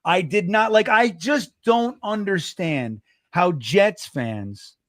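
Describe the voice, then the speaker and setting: A middle-aged man, co-hosting a casual sports podcast, animated and swearing, acting out quotes in a raised voice. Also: high voice, slow pace, no echo, clean studio sound. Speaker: co-host.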